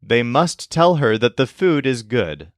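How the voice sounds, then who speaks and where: Slow, lively-voiced male language teacher. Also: medium pitch, no echo, clean studio sound. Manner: slow, clear explanatory delivery. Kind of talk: scripted lesson narration.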